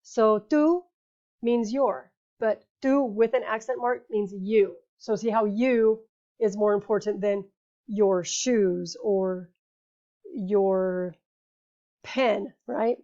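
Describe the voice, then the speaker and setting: A woman teaching a grammar lesson, patiently explaining rules and saying each example word slowly before repeating it. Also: medium pitch, steady tone, warm tone. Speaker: Spanish teacher. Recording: dull lo-fi recording.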